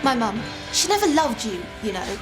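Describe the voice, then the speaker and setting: An actress playing a sharp-tongued young stepdaughter in a TV drama, taunting and cutting. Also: female voice, on the high side, sing-song, normal speed. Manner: taunting and cutting, then frantic and remorseful. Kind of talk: television soap drama acting. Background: loud music.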